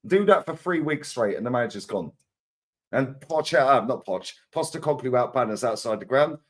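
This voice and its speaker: A man's voice: medium pitch, animated, brisk. A man, a co-host in a casual football chat, talking in street slang and swearing freely. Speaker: co-host, Arsenal fan.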